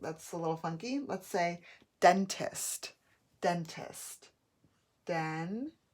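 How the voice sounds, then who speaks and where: A woman teaching a phonics lesson, sounding out words slowly and clearly, syllable by syllable. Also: lowish voice, a little mellow.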